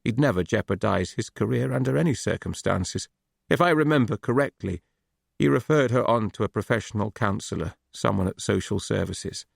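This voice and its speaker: A grieving man with a shaky, hesitant voice, low and gravelly, as an audiobook narrator puts him on. He sounds close and dry, with no room around him. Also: animated, moderate pace, no echo, heavily acted. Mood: shaken.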